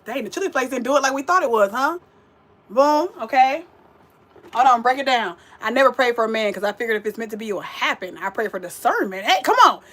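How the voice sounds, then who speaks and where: High-voiced sassy woman cooking live. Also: expressive, fast, fairly bright tone. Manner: chatty, sassy, talks straight to viewers. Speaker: vegan cooking livestream host. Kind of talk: casual livestream cooking chat.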